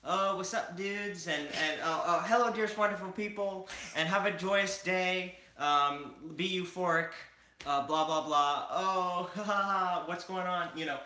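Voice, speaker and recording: A man's voice: sits high, a little slow, bright, forceful tone, pitched above the performer's own voice. A man mimicking an upbeat young male vlogger, with raised, exaggerated cheer. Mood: gushing. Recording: echoey room.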